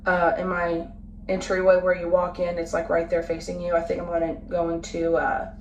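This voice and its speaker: A woman in her late twenties, a family vlogger talking casually to the camera at home, halting and full of fillers and restarts. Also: fairly low pitch, monotone, a little mellow, muffled recording. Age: late 20s. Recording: roomy, from a distance, faint background noise.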